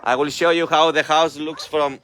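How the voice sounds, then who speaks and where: A man's voice: a little high, flat delivery, normal speed, fairly bright tone, slight background noise. A middle-aged man with a Greek accent, running an animal shelter, who talks to the camera in simple, slightly broken English and coaxes his dogs by name. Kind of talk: casual vlog talking to camera and dogs.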